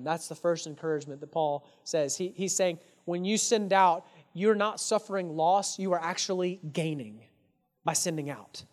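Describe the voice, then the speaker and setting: A man's voice: high-pitched, a little mellow. A man preaching an earnest sermon as a pastor, putting rhetorical questions to his congregation and addressing them casually and directly. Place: church.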